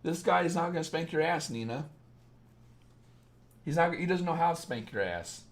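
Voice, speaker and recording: A man in his thirties talks through dating questions on a live stream. His voice sits a little high, and his talk is blunt and full of swearing. He drops into low, muttered asides, then breaks into loud, heated rants. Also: expressive, normal speed. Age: 30s. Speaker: dating coach. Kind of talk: live-stream advice chat.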